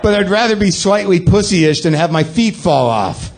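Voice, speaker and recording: A man's voice: high-pitched, expressive, normal speed, some chatter behind. A man hosting a podcast, delivering a sardonic, self-deprecating comic monologue in a ranting manner to a live audience. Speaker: podcast host.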